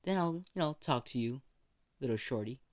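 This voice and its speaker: A man's voice: medium pitch, expressive, normal speed, natural voice. A man voicing a careless, smug young man talking on the phone in a spoken fan story.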